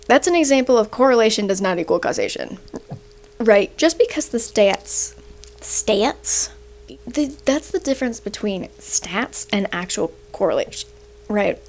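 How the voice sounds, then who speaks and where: A woman's voice: on the high side, lively intonation, unhurried, darkish tone. A young adult woman, a university student, explaining grammar and statistics in a chatty way, often ending sentences with "right?" while she has the hiccups. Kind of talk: casual explainer rant.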